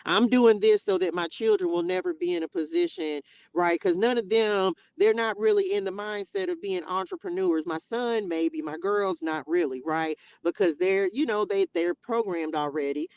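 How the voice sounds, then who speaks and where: A woman's voice: on the low side, normal speed, hardly any pauses, darkish tone, smooth, no echo, low-quality recording. A woman hosting a casual Bible study livestream, talking emotionally and straight to her viewers. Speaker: livestream host.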